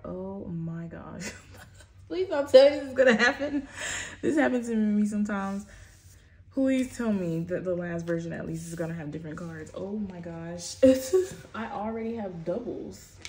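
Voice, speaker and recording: A woman's voice: mid-range voice, warm tone, a little hiss or hum. A young woman chatting casually while unboxing, often trailing off mid-sentence. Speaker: album unboxing vlogger.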